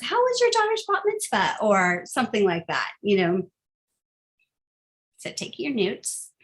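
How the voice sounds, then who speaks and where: A woman's voice: medium pitch, a bit bright. A woman giving a casual, upbeat phone-skills training talk, chatty and full of fillers.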